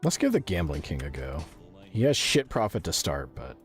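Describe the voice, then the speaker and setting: A man from the United States streams a video game with soft music in the background, giving casual live gameplay commentary. His rumbling low voice swoops wildly in pitch at normal speed as he chats, laughs often, swears freely and answers his chat.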